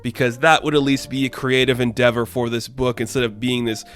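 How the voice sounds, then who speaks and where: A man's voice: medium pitch, level tone, fairly quick, a bit bright. Sarcastic man ranting a review. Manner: sarcastic, exasperated. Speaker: comic book reviewer.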